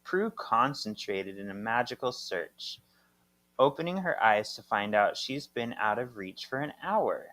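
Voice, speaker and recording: Bright, lively male podcast narrator. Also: mid-range voice, unhurried. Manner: narrates plot summaries with dry asides and laughs. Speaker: podcast co-host. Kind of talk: casual chat reading a chapter summary.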